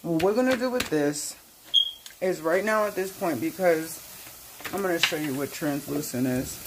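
A woman's voice: low-pitched, moderate pace, heavy background noise. A woman hosting her own cooking channel, with a playful, sassy manner, talking straight to viewers as she cooks in her home kitchen. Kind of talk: casual cooking demo.

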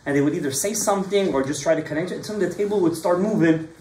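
A man's voice: high voice, very fast, reverberant, slight background noise. A man teaching an informal Torah class to a small group, telling stories and mixing in Hebrew and Kabbalah terms. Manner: lively storytelling, mixes in Hebrew and Kabbalah terms.

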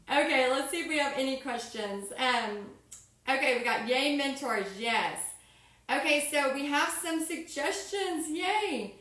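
Streaming live from her home art studio while she paints, a Texan-accented woman keeps things upbeat and casual, reading out viewer comments. Her fairly high, slightly bright voice comes from far off the mic, and the room adds an echo.

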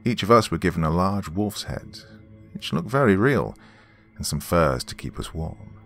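A man narrating a horror story in a measured, dramatic way, with a gravelly voice. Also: low voice, animated, faint music behind.

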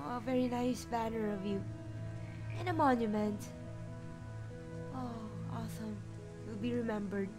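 A woman's voice: on the high side, unhurried, long pauses. A woman commentating on her gameplay, reacting in an emotional, exclamatory way. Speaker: let's play gamer. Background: game music.

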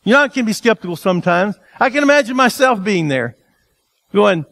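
A male pastor preaching a sermon in an animated, conversational way, asking the congregation rhetorical questions. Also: high voice, brisk, no echo.

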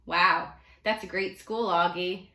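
A woman's voice: on the low side, fairly even intonation, takes it slowly, pushed and bright, roomy sound. A woman reading aloud as an encouraging family friend in a storybook.

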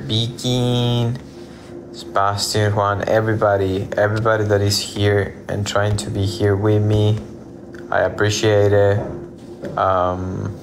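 Over slight background noise, a drowsy man with a fairly low voice chats casually with viewers on a livestream from home. Sleepy, he rambles along and greets people as they come in.

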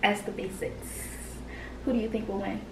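A young adult woman co-hosting a casual chat, animated and questioning, recorded from a distance in an echoey room. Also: medium pitch, moderate pace. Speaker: co-host. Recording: echoey room, mic far off, noisy.

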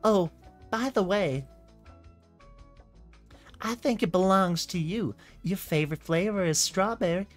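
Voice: medium pitch, a little slow, long pauses, soft background music, pitched above the performer's own voice, close to an everyday voice. A reader voicing a cruel young filly pony, talking close to their own voice with no accent put on, in a dramatic comic reading. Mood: coolly cruel.

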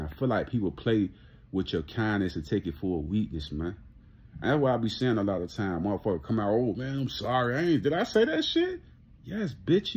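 A man's voice: fairly low pitch, a little mellow, slightly rough, lo-fi sound. A man ranting casually to camera, blunt and profane, often repeating himself and laughing. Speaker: vlogger.

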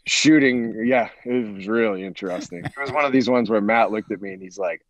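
A man's voice: lowish voice, moderate pace, hardly any pauses, rough recording. A man, a sports agent, chatting as a podcast guest in a rambling way with many restarts. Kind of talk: casual podcast chat.

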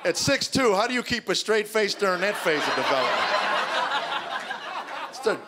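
A middle-aged man doing stand-up, telling deadpan stories and acting out his kids' voices before a live audience. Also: sits high, normal speed. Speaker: stand-up comedian. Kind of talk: stand-up comedy routine. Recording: live show with audience noise.

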